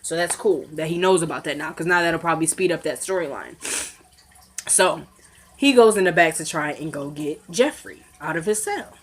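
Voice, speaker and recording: A woman casually recapping a TV drama episode, chatty and animated, retelling scenes and quoting the characters. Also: normal speed, breathy edge. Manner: animated, quotes characters in lowered voices, laughs often.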